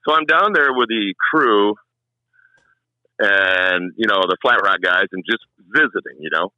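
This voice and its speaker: Lively, bright-voiced racing announcer telling stories. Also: male voice, on the low side, a little slow, dry recording, dull audio. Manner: animated storyteller, acts out quotes. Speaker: race track announcer, guest. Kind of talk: storytelling in casual chat.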